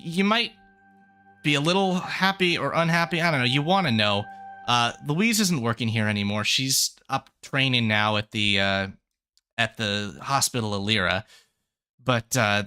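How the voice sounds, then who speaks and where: A man's voice: mid-range voice, very animated, moderate pace, pushed and bright, soft background music. A man voicing a young woman who runs a fantasy general store, chatty and a bit exasperated. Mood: relieved. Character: young woman shopkeeper, harried eldest daughter.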